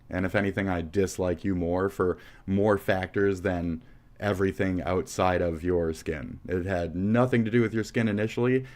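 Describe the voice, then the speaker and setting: A man's voice: deep voice, creaky. An American man hosting a livestream, ranting angrily at chatters with heavy profanity. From United States. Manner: heated, profane, insulting chat. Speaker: livestream host. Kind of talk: angry livestream rant.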